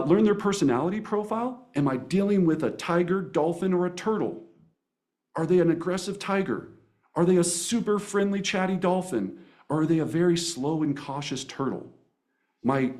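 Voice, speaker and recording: A man teaching real estate agents negotiation in a seminar, energetic and animated, often restarting words and tagging "right?" onto his points. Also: fairly high pitch. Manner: energetic, animated, with playful voice impressions. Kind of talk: coaching seminar presentation.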